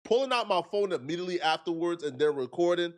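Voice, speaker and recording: A man's voice: high voice, animated, fast. Earnest man giving argumentative commentary. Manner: earnest, argumentative, repeats himself to make points.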